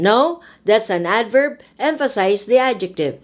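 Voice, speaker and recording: A woman speech teacher giving a pronunciation lesson, saying each phrase slowly and deliberately and repeating it twice. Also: medium pitch, very animated, a little mellow.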